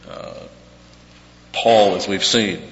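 A man preaching a verse-by-verse sermon, repeating key words slowly for emphasis. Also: lowish voice, steady tone. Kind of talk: expository sermon on scripture. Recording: dull echoey hall with faint hum.

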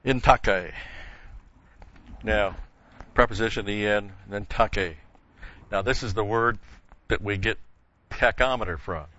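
A man's voice: fairly low pitch, fairly even intonation, measured pace, long pauses, pushed and bright. An older man teaching a Bible study lecture, explaining word meanings and wandering into folksy stories with chuckles. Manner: folksy, digressive storytelling with chuckles. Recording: muffled lo-fi recording.

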